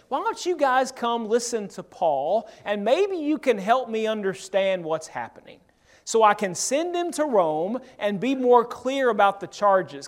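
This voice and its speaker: High-voiced man preaching a Bible study. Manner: conversational, reads scripture aloud and explains it. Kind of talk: sermon-style Bible teaching.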